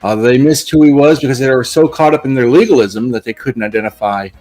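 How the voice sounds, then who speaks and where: A man's voice: mid-range voice, fast, a little mellow, faint music behind. Thoughtful male livestream guest. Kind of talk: casual discussion.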